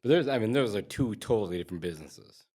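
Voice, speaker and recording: A man with a deep, low voice hosts a casual business podcast. He reads figures aloud in an easy, unhurried way and keeps prompting his guest to go on. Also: expressive, a little mellow. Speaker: podcast host. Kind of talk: casual interview.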